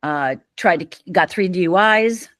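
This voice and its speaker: A woman's voice: lowish voice, animated, moderate pace, fairly bright tone, dry recording. A middle-aged woman from Upper Michigan, a podcast guest telling her story emphatically and acting out the voices in it. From Upper Michigan, USA. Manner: vivid, emphatic storyteller who acts out quoted lines. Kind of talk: storytelling in an interview.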